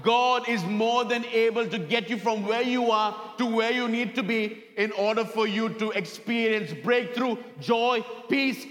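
A man's voice: extremely high pitch, measured pace, few pauses, a bit bright. A male pastor preaching a sermon, repeating key lines and acting out stories with dramatic voices. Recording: long hall reverb.

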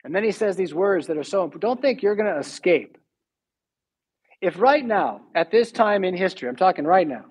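A man's voice: high-pitched, expressive, brisk, darkish tone, slightly rough, poor audio. A man preaching a sermon as pastor, emphatic and full of rhetorical questions.

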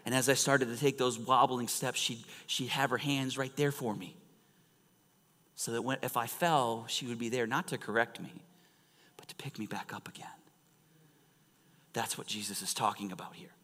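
A man preaching a sermon in a church, animated and storytelling, swinging from loud emphasis to hushed near-whispers. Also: medium pitch, moderate pace, long pauses. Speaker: pastor. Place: church sanctuary. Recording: long reverb of a large church hall.

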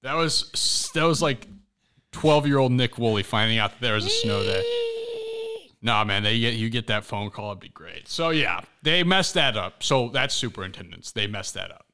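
A young man hosting a podcast, chatting casually and telling stories in an animated, excitable way. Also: medium pitch, normal speed. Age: young adult. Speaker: podcast host. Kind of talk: casual chat.

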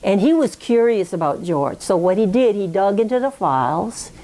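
A woman's voice: medium pitch, very animated, normal speed, dark tone. Woman, oral history interviewee, reflective and digressive storyteller. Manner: reflective, digressive, with frequent "you know" and "okay?". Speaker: interviewee recounting family history.

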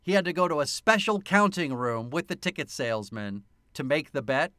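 Male podcast co-host, lively and laughing as he recaps a film, slightly high, smooth tone. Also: moderate pace, no room sound, clean studio sound. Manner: animated, laughing, retelling a film scene by scene. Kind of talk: casual chat.

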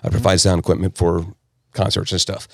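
A man from South Texas, telling his personal story as a podcast guest in an emphatic, animated way. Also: low voice, brisk, gravelly, no room sound, studio quality.

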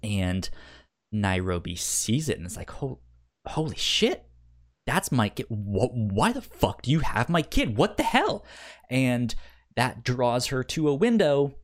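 In casual podcast chat, a male co-host recaps a TV series, stammering and repeating syllables often and swearing freely. He acts out characters' lines in quick quoted bursts. His voice is mid-range and very animated.

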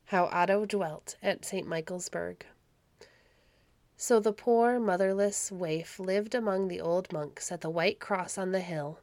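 A woman narrating an old storybook in a steady, measured reading on a close mic. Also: fairly low pitch, no room sound. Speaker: audiobook narrator.

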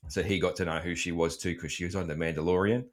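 A man's voice: deep voice, steady tone, fast talker. A middle-aged Australian man hosting a casual chat, joking around and swearing freely, with plenty of ums. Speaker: podcast host.

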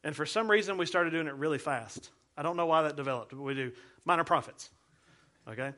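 Playful pastor teaching. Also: male voice, fairly high pitch, brisk, bright, forceful tone. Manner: playful, explains with hand gestures and repeated cues. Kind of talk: teaching sermon.

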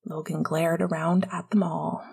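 A woman narrating a fan fiction audiobook softly, often dropping into a whisper. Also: lowish voice, little pitch movement, measured pace, creaky, husky.

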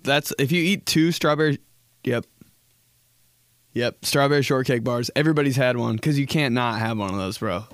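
A man's voice: mid-range voice, dry recording. Profane rambling young podcast host, man. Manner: profane, rambling, jokey storytelling. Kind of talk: solo casual podcast chat.

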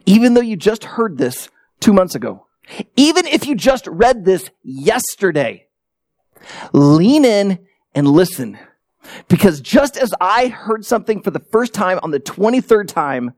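Conversational male pastor with a lively voice. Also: sits high, a little slow, dry recording. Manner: conversational, self-deprecating storytelling. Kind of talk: sermon. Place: church sanctuary.

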